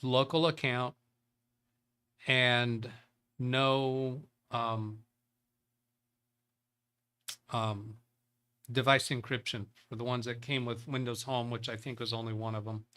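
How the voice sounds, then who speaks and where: A man's voice: medium pitch, level tone, slow, long pauses, sharp tone, clean tone. A man hosting a live tech show, reading viewer chat and thinking aloud in a loose, rambling way. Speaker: tech livestream host.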